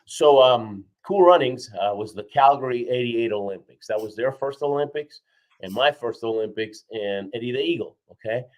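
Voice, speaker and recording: A man telling a story as a guest in an interview, energetic and punctuating his points with "right?" and "okay?". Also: mid-range voice, moderate pace, poor audio. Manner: energetic, frequently acts out quoted voices, punctuates with "right?" and "okay?". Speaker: guest, four-time Olympian and keynote speaker. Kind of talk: animated storytelling in a podcast interview.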